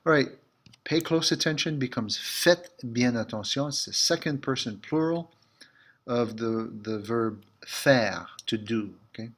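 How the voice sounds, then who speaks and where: A man teaching a language lesson as a French teacher in a school building, patiently repeating each phrase slowly. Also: mid-range voice, a bit bright.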